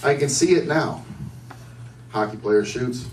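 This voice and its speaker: A man's voice: mid-range voice, unhurried. A man doing a stand-up set at a bar comedy night, with a loose, rambling delivery, often asking the crowd questions. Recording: echoey room, distant mic, faint noise.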